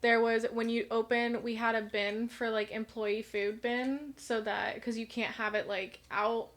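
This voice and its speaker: A woman's voice: fairly high pitch, level tone, unhurried. A young woman co-hosting a casual sibling podcast, chatting and telling workplace stories with acted-out quotes. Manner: chatty storyteller, acts out quotes. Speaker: podcast co-host. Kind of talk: casual chat.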